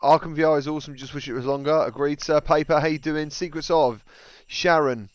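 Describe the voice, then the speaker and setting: A man's voice: on the high side, fairly even intonation, brisk, clean tone, no room sound, muffled recording. Upbeat man hosting a livestream. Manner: reads out chat messages, upbeat greetings. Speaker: livestream host. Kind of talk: casual livestream chat.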